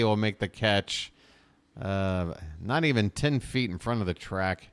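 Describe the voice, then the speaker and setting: A man calling a baseball game live for his own stream, in a mid-range voice. He moves between steady play-by-play and animated, joking rants. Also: mid-range voice, moderate pace, clear, resonant tone. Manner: animated, ranting, joking asides. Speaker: fan streamer doing play-by-play. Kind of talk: live fan play-by-play commentary.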